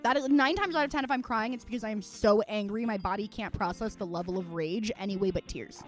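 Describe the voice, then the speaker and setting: A woman's voice: mid-range voice, fast, soft background music. A woman streamer chatting casually at home while she plays, rambling and venting with plenty of swearing. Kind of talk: casual livestream chat while gaming.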